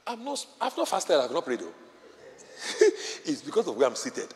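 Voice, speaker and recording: A man's voice: fairly high pitch, wildly swooping pitch, a little slow. A male pastor preaching a sermon in a large church auditorium, with impassioned delivery and short repeated phrases. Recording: long hall reverb with faint music.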